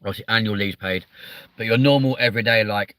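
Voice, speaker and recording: A man chats casually on a live stream, reading out the chat. His voice sits low but comes across bright and forceful. The sound is close and dry, and he swears freely and fills gaps with ums. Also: quick pace, dry recording.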